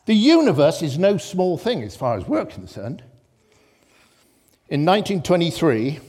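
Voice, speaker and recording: A man preaching a sermon in church, impassioned, swinging between loud exclamations and hushed reflection. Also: medium pitch.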